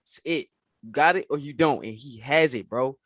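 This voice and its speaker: An animated man co-hosts a casual sports podcast, saying "bro" again and again as he makes his case. He speaks at an average pitch. The recording is dry and close, with little room sound. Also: moderate pace, no echo. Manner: animated, says "bro" often. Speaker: podcast co-host.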